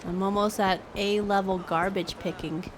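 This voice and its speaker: This is a young woman's easygoing stream chatter as she plays a game, with game music and background noise in the mix. Her mid-range voice holds a steady tone at a moderate pace, and she muses aloud, often repeating words in a playful way.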